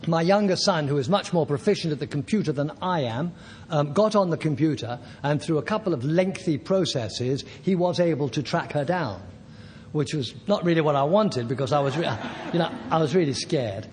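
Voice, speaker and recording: An older man at a recovery meeting, telling his personal story in a halting, self-deprecating way with soft laughs. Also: on the high side, expressive, in a large hall, slight background noise.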